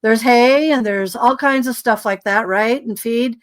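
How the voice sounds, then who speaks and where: A woman, a podcast guest, telling a long story in a rambling, animated way with many asides. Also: a little high, a little slow.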